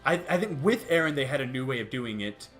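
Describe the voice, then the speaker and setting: A man's voice: mid-range voice, big pitch swings, quick pace, a bit bright. This is a young man in casual chat, his voice swinging up and down as he talks. He restarts sentences often and laughs between points, with faint music playing underneath. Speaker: youtube host.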